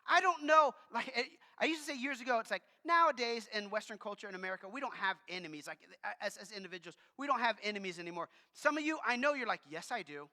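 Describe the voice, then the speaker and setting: A man preaching a sermon to his congregation, a loud talker who speaks in an animated, conversational way. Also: very high voice, quick pace, hardly any pauses. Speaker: pastor. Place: church sanctuary with congregation. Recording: long reverb of a large church hall.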